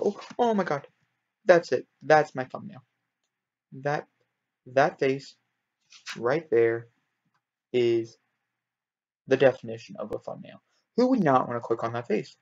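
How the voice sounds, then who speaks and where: A man giving casual game commentary, gushing and rambling, his voice jumping high whenever he gets thrilled. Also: gravelly, darkish tone. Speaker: gaming video creator. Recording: dull lo-fi home mic.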